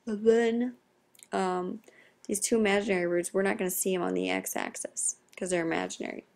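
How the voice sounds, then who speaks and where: A young woman, a math teacher, explaining a recorded lesson in a quiet, half-whispered voice. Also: mid-range voice, animated, moderate pace, creaky.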